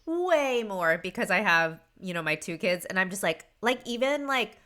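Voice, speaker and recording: A woman's voice: medium pitch, sing-song, moderate pace, sharp tone. A woman in her thirties talking openly as a podcast guest, getting emotional and laughing between sentences. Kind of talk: casual conversation.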